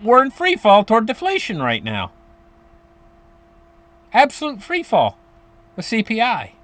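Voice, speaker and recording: A man's voice: high-pitched, wildly swooping pitch, measured pace, fairly bright tone. A man talking casually to his viewers about finances, rambling, restarting sentences and chuckling as he goes. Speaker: finance commentator.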